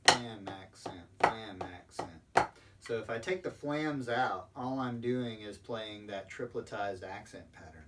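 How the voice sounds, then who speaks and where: A man's voice: medium pitch, measured pace, hardly any pauses. A man explaining drum rudiments step by step as a percussion instructor, patient and sprinkling in ums. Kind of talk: recorded instructional lesson. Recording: distant mic with faint background noise.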